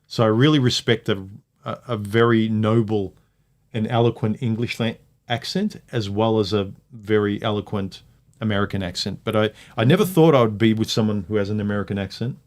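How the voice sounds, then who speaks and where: A man's voice: on the low side, a little fast, a little mellow. A man hosting a casual livestream chat from home, blunt and opinionated, hammering his points home. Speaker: livestream host.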